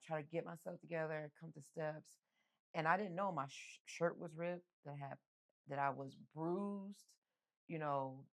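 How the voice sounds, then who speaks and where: Middle-aged woman guest, candid storyteller, slightly low voice, raw and plainspoken. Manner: candid, acts out the voices of people in her story. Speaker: interview guest. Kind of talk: emotional personal storytelling.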